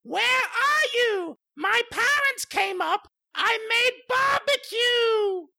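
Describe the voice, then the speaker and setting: A man voicing an excited young wife and mother in a comedic script read, in a high falsetto. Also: slow pace, vocal fry, dry recording, studio quality, full character voice. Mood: eager.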